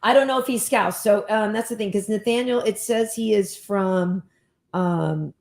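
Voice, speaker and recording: A woman hosting a casual chat show, talking in a chatty, enthusiastic way with quick asides. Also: medium pitch, creaky, a little mellow. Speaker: host.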